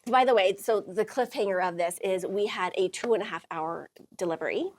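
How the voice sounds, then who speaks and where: A woman's voice: medium pitch, a little fast. A middle-aged woman hosting a talk, telling a personal story to a small audience, laughing often and acting out quotes. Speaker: host.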